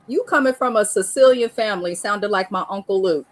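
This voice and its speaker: A chatty woman hosts a casual live review, laughing often as she talks. Her voice sits in a middle pitch for a woman, and her talk stays easy and conversational. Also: a little fast, no room sound, poor audio. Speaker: host.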